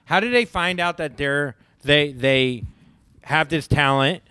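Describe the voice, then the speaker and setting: A man's voice: fairly high pitch, slow, bright, forceful tone, clear, resonant tone, no echo. A man co-hosting a podcast, chatting easily and asking curious questions. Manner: easygoing, asks curious questions. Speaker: podcast co-host. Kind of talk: casual chat.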